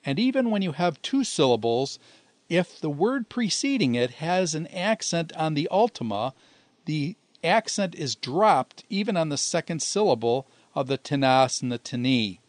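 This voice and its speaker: A man giving a recorded grammar lesson, explaining patiently and slowing down to spell out word forms. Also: fairly high pitch, very animated, dry recording. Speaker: Greek teacher.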